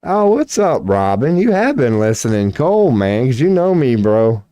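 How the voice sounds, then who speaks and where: Rambling man with a hoarse voice. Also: mid-range voice, sing-song, a little slow, mellow, no echo. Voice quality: voice going hoarse from long streams. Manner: rambling, swears casually, laughs often, reads chat aloud. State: hoarse, clearing throat. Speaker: streamer doing tarot readings. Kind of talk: casual live-stream chat.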